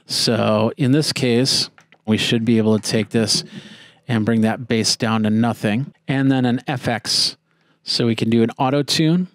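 Tech reviewer, male: mid-pitched, relaxed and chatty, walks through each control step by step, dry close sound. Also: measured pace, no echo. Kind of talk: casual product demo.

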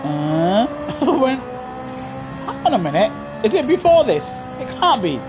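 A young British man chatting excitably to his live chat while playing a racing game on a headset mic. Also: very high-pitched, a little slow, over music. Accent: British English. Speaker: gaming livestreamer. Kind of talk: casual live gameplay commentary. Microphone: gaming headset.

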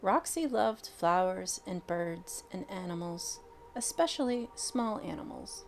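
A woman reading a picture book aloud, expressive and unhurried with dramatic pauses. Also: fairly low pitch, slight background noise. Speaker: storyteller. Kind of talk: storybook read-aloud.

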